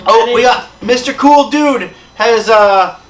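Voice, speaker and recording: A young man hosting a casual live stream from a small studio, excitable and joking, swearing freely. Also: very high voice, takes it slowly, echoey room, recorded from a distance, soft background music.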